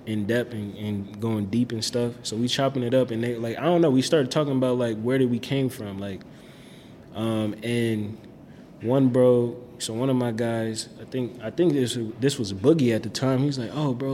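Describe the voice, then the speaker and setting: A man's voice: medium pitch, fairly even intonation, normal speed, mellow, slight background noise. A young man tells his story in a loose, slangy way, leaning on "like" and "bro". His voice sits in a middle register. The sound carries a long reverb with faint ambience behind it. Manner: slangy, laid-back, lots of "like" and "bro". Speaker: guest telling his faith story. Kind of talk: casual storytelling.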